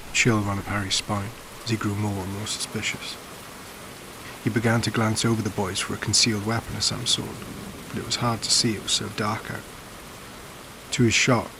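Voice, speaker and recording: Male horror podcast narrator, measured storytelling, hushed at times, low voice, gravelly texture, faint rain behind. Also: level tone, slight background noise. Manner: measured, dropping to near-whispers on tense lines.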